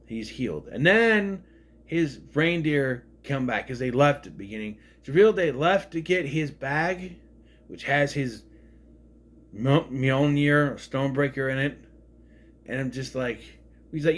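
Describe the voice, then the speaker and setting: A man giving a casual, rambling spoken review of a film, often restarting his sentences. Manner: rambling, restarts, swings in pitch and loudness. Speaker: movie reviewer.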